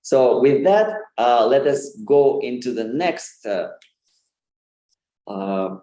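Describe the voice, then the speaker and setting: A man's voice: mid-range voice, expressive, slow, mellow. Guy on a video call lesson, lots of uhs, kinda roomy sound, mid voice. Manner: hesitant, many fillers, light laughs. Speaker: Sanskrit pronunciation presenter. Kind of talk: informal online lesson.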